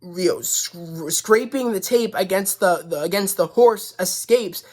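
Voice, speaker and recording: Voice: medium pitch, measured pace, a little mellow. A reviewer talking casually through a show episode, rambling and retelling scenes with frequent "you know" and restarts. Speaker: YouTube reviewer.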